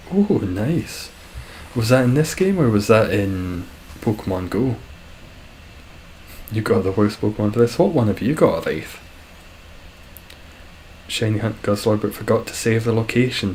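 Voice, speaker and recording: A man's voice: lowish voice, darkish tone, slight background noise, poor audio. A young man streaming a game, chatting casually with viewers in a rambling, self-deprecating way.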